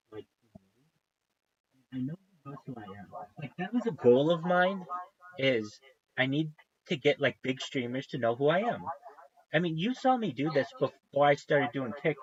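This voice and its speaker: A man with a fairly high-pitched voice, heard through dull audio, chats casually with his stream viewers. He swears a lot and gets worked up as he rants.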